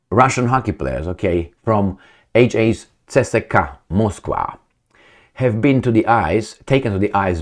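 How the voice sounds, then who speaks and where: A middle-aged man from Romania, giving blunt, rambling opinion commentary on his vlog. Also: lowish voice. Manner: blunt, rambling, with many fillers. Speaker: vlogger.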